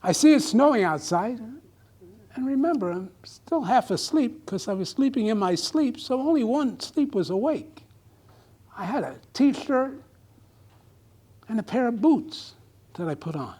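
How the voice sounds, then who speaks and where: A man's voice: extremely high pitch, very animated, a little slow, warm tone, slightly rough. A man giving a humorous speech at a club meeting, telling a comic story to a live audience. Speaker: club speaker.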